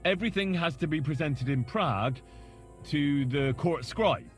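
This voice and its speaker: A man's voice: on the high side, expressive, normal speed, soft background music, natural voice. An actor playing a young man in a video game who earnestly argues his legal rights. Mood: arguing.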